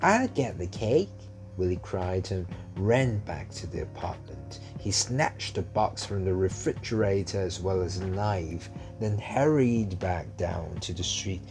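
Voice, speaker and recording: A man narrating a children's story in a slow, measured reading. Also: low voice, creaky, music in the background.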